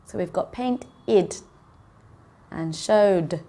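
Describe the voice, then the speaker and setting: A woman teaching English pronunciation in a slow, careful way, saying each word twice for learners. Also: on the low side, dark tone. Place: classroom with a board.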